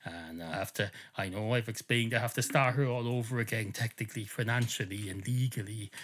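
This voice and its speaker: A man's voice: fairly low pitch, fairly quick, fairly bright tone. A man voicing a fussy male barman who rambles through bureaucratic excuses. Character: fussy male barman tangled in red tape.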